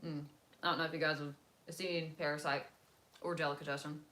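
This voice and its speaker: Speaking briskly in a low, flat, slightly bright voice, a young woman vlogs from home. She rambles on a casual live stream while eating and moving from room to room.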